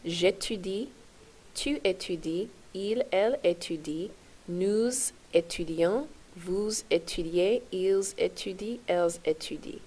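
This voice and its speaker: A woman's voice: medium pitch, a little slow, a little mellow. A woman teaching a French lesson to her class, spelling out verb endings in a chant and checking in with "okay?" as she goes.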